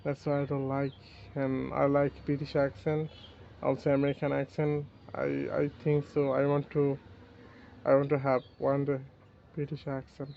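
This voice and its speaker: A man with a Bangladeshi accent practicing English in a casual chat, speaking haltingly with broken grammar and restarts. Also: medium pitch, completely flat delivery, vocal fry, highs cut off, slight background noise. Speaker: English learner.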